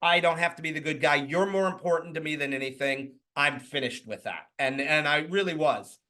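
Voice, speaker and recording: A man's voice: a little high, brisk. A man in his fifties, a podcast guest, telling personal stories in casual chat, acting out the quoted lines and swearing freely. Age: 50s. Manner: animated, acts out quoted dialogue, swears freely. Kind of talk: casual storytelling.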